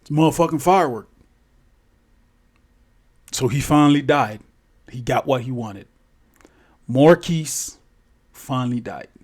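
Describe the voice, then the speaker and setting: A man's voice: medium pitch, animated, unhurried, long pauses, darkish tone. A man telling a story off the cuff, rambling and swearing freely, often correcting himself along the way. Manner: profane, rambling, self-correcting. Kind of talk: casual spoken storytelling.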